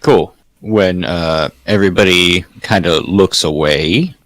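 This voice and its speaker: A man's voice: sits low, takes it slowly, a bit bright, no echo. A man talking casually as a player in a tabletop game, in a laid-back, joking way.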